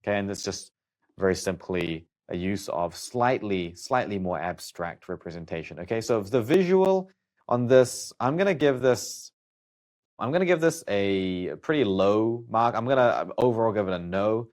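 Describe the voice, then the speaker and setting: Low-voiced man coaching study notes. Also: animated, normal speed, a little mellow. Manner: casual, thinking aloud with fillers.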